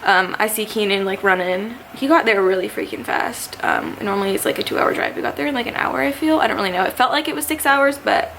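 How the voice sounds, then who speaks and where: A young woman in her twenties telling a story to camera in a chatty, animated way, with lots of fillers. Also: mid-range voice, fast, vocal fry, hardly any pauses, a little hiss or hum. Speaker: vlogger.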